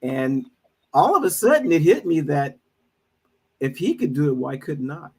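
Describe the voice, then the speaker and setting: A man's voice: on the high side, big pitch swings, breathy edge, rough recording. Earnest middle-aged man telling his story. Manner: earnest, measured, many "uh" pauses. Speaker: guest speaker, minister and financial advisor. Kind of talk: personal storytelling talk.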